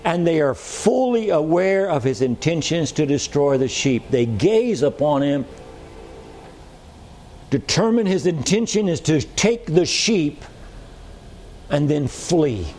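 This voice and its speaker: A male pastor preaching a sermon to a congregation in a church, slow and emphatic, stressing his points with repetition and rhetorical questions. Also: on the high side, very animated, a little mellow, slight background noise.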